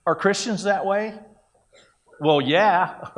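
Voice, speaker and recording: Guy preaching, slow and deliberate, kinda high voice, chatty sermon with little acted-out quotes. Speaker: pastor.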